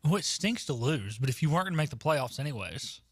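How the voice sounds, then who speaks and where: A man's voice: a little high, sing-song, fast, slightly rough, no room sound, clean studio sound. A young man hosting a casual sports talk radio show, chatty, with frequent ums and uhs.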